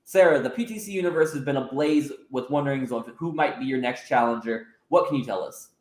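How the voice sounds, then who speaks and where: A man's voice: medium pitch, brisk, close to an everyday voice. A man voicing a veteran male wrestling interviewer with a polite, formal manner. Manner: formal, announcer-like. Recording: roomy echo.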